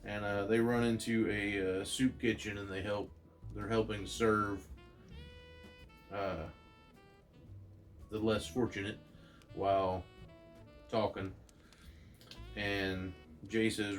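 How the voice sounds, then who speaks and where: Man narrating a comic aloud, casual and loose, low voice, slow. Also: little pitch movement, faint music behind. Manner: loose, filler-heavy retelling. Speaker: comic book reader.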